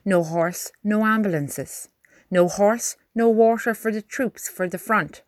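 A woman voices an eager young private, earnest and respectful. His voice sits higher than her narration and speaks up with conviction. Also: unhurried, no room sound, studio quality.

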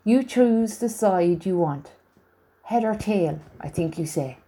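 Woman putting on a tired soldier, slow and careful, soft mellow tone. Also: mid-range voice, animated, husky. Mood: gentle. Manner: slow, careful, formal phrasing. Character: tall weary German soldier man, gentle, thoughtful.

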